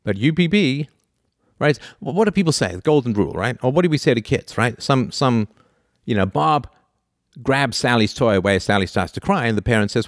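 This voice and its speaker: A man giving an animated philosophy lecture, full of rhetorical questions and laughing asides. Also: mid-range voice, a little fast, no echo, studio quality.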